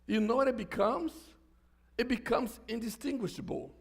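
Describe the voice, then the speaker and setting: High gravelly-voiced male pastor preaching. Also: normal speed. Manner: conversational, joking asides with restarts. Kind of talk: sermon.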